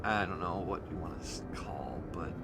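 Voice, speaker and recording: A man's voice: low voice, normal speed, heavy background noise. A man recapping his tabletop campaign as game master, rambling and hesitant with many fillers and restarts.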